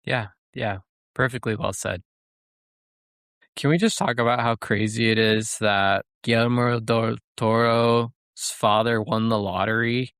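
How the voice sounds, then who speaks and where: A man co-hosting a podcast, talking about a film in a halting, thoughtful way with many fillers. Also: mid-range voice, fairly even intonation, fairly bright tone, clear, resonant tone, dry recording, clean studio sound. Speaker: podcast co-host. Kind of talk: casual film discussion.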